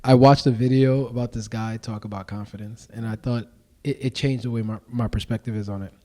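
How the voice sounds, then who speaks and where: A man talking casually and emphatically as a podcast guest, full of slang and lively stories. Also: medium pitch, a little fast. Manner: animated, emphatic storytelling with slang. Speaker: podcast guest and show founder.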